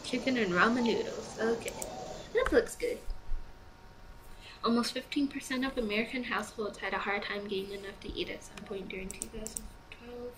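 A young woman reads game prompts aloud and weighs each choice in a casual, chatty way. She sounds sleepy, and her voice sits a little high. A faint hiss runs under the recording. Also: fairly even intonation, normal speed. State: sleepy, yawning. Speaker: gamer playing a choice game. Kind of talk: let's play commentary.

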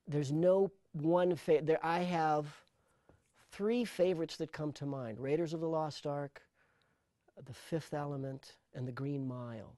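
Middle-aged male sound designer, animated interview storyteller, a bit high-voiced, close and dry. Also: dry recording. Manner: animated storyteller, repeats words when starting thoughts. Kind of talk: interview conversation.

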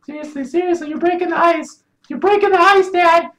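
A man doing a shrill whiny little boy. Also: steady tone, brisk, fairly bright tone. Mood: nagging. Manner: shrill, yelping, bratty. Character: whiny young boy, a son begging his dad.

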